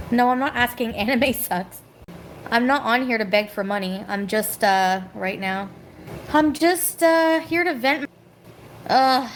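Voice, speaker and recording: Woman, higher register, venting at home on a live stream; rambling, bitter, quick to snap at viewers; slight background noise. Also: poor audio. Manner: rambling, bitter, talks back to chat. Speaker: livestreamer. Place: home kitchen.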